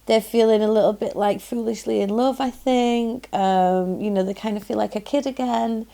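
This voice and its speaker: A woman's voice: on the high side, steady tone, normal speed, gravelly, dark tone. A woman with a Yorkshire accent giving a chatty, effusive pick-a-card tarot reading, full of "um"s and exclamations of delight. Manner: chatty and effusive, frequent "um"s and "lovely". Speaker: tarot reader.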